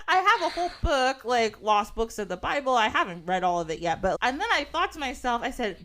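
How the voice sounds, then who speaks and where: High, lively woman podcast host. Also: fairly quick. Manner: laughing, swearing, retelling with quoted voices. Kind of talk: casual chat.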